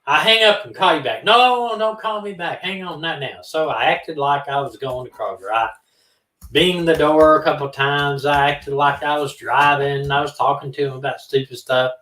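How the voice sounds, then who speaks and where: This true-crime live stream co-host has a medium-pitched voice and talks at a normal speed, recorded at a distance in a roomy space. Telling a casual story with animation, he voices both people on a phone call.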